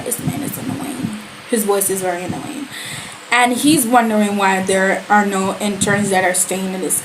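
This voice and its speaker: A woman giving a casual, animated and sassy review of a series, full of slang and quoted reactions. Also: medium pitch, background noise.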